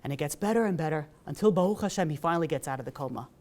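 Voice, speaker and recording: A man giving a sermon as a rabbi, telling a story in a lively way with many fillers. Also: a little high, rapid-fire. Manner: animated, acts out dialogue, many fillers.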